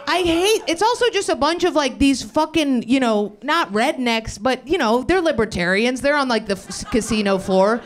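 A young woman doing improvised stand-up on a club stage, brash and profane, riffing fast and slipping into mocking voices. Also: sits high, very animated. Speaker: stand-up comedian. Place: comedy club stage with audience.

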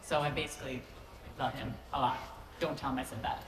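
A woman's voice: very deep voice, fairly even intonation, fairly quick. A woman actor answering fan questions on a convention panel, playful and self-mocking, laughing often as she talks into a handheld microphone. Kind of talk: relaxed, joking panel talk. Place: large convention hall. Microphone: handheld microphone on stage. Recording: echoey convention hall with loud background noise.

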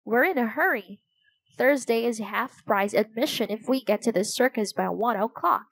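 A woman's voice: a little high, moderate pace, vocal fry, no room sound. A woman voicing a friendly, easygoing young boy in a children's storybook reading. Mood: cheerful. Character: boy, cheerful and polite.

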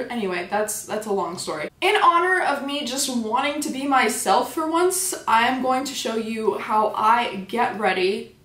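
A woman's voice: fairly high pitch, fairly bright tone. A young adult woman hosting a casual makeup tutorial, talking in a joking, self-deprecating way with sarcastic asides. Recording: echoey room.

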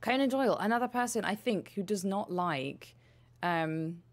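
A woman's voice: fairly low pitch, animated, unhurried. A woman giving casual gameplay commentary as a streamer, profane, playful and chatty.

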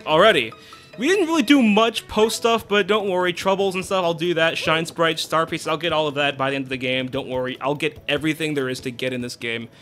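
A man's voice: fairly high pitch, fairly quick, a bit bright, faint music behind. A man giving casual commentary while playing a video game, chatty and self-correcting, on a desktop mic. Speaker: let's play host.

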